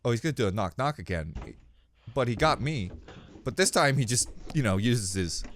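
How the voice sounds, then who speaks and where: A young man hosting a reaction video, talking casually with jokes and swearing, and yelping loudly when something startles him. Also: medium pitch, expressive, normal speed, a little hiss or hum. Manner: jumpy, loud exclamations when startled; swears freely, jokey.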